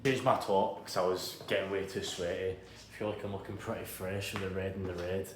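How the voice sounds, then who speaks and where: A man's voice: deep voice, steady tone, brisk. A Scottish man filming a casual travel vlog, swearing freely and calling out to his viewers as boys and troops. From Scotland. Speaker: travel vlogger. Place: outdoors on busy city streets and in bars. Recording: phone audio with loud crowd and music. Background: crowd noise and music.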